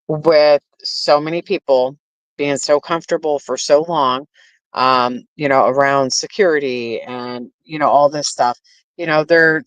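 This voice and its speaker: A woman's voice: low-pitched, no echo. A woman giving a casual opinion rant to her viewers, blunt and full of swearing and fillers. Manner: addresses viewers directly. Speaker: commentary streamer. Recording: dull lo-fi stream audio.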